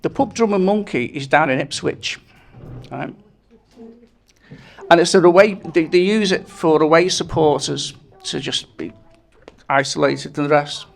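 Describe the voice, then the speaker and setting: A man delivering a wedding speech in a fairly high voice, spinning one anecdote after another to a reception crowd. He chuckles at his own punchlines as he goes. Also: unhurried, gravelly.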